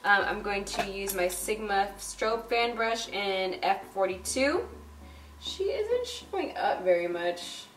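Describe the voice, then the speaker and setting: A woman's voice: medium pitch, lively intonation, slow pace, recorded from a distance, slight background noise. A young woman talking casually through a makeup tutorial, chatty and bubbly, with lots of fillers. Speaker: beauty vlogger. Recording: roomy echo, a bit off-mic. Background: faint background music.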